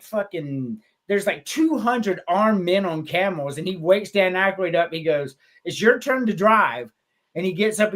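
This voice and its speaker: Man, casual podcast chat, high voice, animated, cursing, shouting out movie quotes. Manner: animated, swearing, acts out quotes in loud voices. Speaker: podcast co-host.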